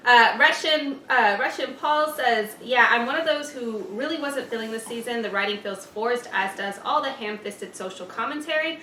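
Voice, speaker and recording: A woman's voice: on the high side, normal speed, hardly any pauses, sharp tone. A woman hosting a reaction channel, reading viewer comments aloud in a chatty way. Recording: echoey room, distant mic, faint noise.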